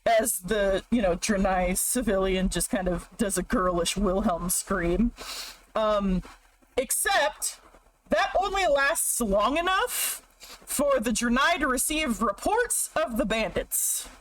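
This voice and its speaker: A woman's voice: a little high, expressive, takes it slowly, a little hiss or hum, rough recording. A woman streamer casually explaining game lore with frequent swearing, tangents and laughter. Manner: profane, rambling, laughs often. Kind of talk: casual livestream lore narration.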